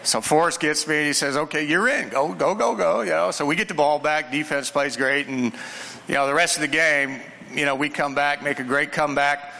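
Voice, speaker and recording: Bright-voiced man telling a story in a hall. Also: fairly high pitch, brisk, slight background noise. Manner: animated, chuckling storyteller. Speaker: former football player, panel guest. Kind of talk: storytelling anecdote. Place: large hall with an audience. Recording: echoey hall.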